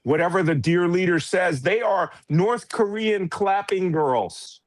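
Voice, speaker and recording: A man, in a heated political interview. He talks bluntly and sarcastically and keeps slipping in mocking asides. His voice sits a little high for a man and sounds dry and close, with no room echo. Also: animated, measured pace. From United States. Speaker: political commentator guest.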